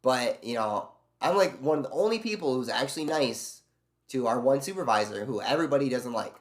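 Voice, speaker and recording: A man's voice: mid-range voice, lively intonation, brisk. A man streaming live, ranting in casual chat with lots of swearing and sarcasm while answering his chat. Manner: ranting, profane, sarcastic storytelling; reads and answers chat messages aloud.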